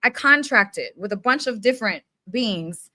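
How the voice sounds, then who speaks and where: Bright, emphatic woman ranting casually. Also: fairly high pitch, measured pace, no room sound, clean studio sound. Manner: animated, emphatic and casual, with slang and mild swearing. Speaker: spiritual self-help speaker. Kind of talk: unfiltered motivational rant.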